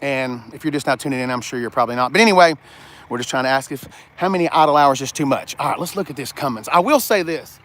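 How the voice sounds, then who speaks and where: A man's voice: medium pitch, fast talker, fairly bright tone. A man in a casual, jokey, rambling vlog, talking to his live chat while showing a truck. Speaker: car vlogger. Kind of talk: casual livestream walkaround.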